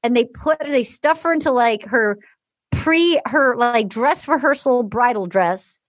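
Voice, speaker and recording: Woman, podcast host, high-pitched, dry close sound, animated storytelling, casual recap. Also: a little slow, no room sound. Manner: animated storytelling, acting out quotes, heavy use of "like".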